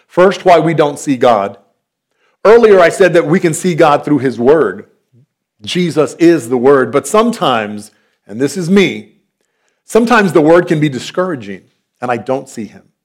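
A fairly high-voiced man in his forties with a drawl preaches a sermon. He talks earnestly and conversationally, easing into stories and asides. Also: lively intonation, measured pace. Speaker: pastor.

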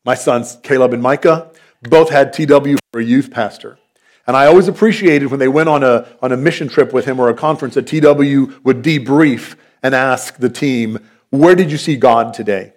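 A man's voice: mid-range voice, moderate pace. A man, preaching a sermon as a pastor in an earnest, conversational, storytelling manner.

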